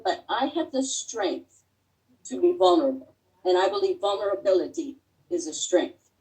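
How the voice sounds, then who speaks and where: A middle-aged woman shares her own story as a guest speaker, earnest and heartfelt, often pausing with small fillers as she gathers her thoughts. She sits back from the microphone on a video call, so her voice sounds a little distant. Her pitch sits in an ordinary middle range. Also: a little mellow. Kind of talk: personal testimony talk.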